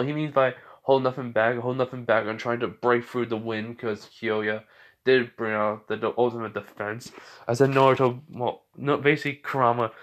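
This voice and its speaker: Male narrator, casual fan-story recap, rambling with fillers and self-corrections. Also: mid-range voice.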